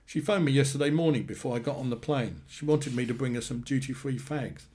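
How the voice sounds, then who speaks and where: A man's voice: mid-range voice, a little fast, darkish tone, natural voice. A man voicing an angry young man in his twenties who swears bluntly and bitterly about his father.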